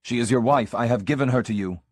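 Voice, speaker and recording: Man voicing a stern village father, forceful, flat, dry sound. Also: mid-range voice, quick pace, dry recording, close to an everyday voice.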